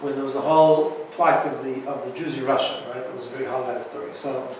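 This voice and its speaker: A man's voice: medium pitch, steady tone, quick pace, a little mellow, heavy reverb, recorded from a distance, slight background noise, rough recording. A man teaching an informal Torah class as a rabbi, chatty and often checking in with "right?". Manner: chatty, keeps asking "right?".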